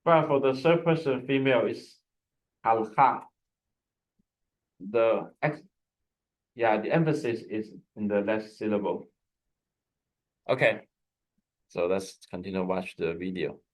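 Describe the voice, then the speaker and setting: A man's voice: fairly low pitch, measured pace, long pauses, low-quality recording. A man teaching a Hebrew lesson over a video call, explaining patiently with frequent restarts and fillers. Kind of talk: online language lesson.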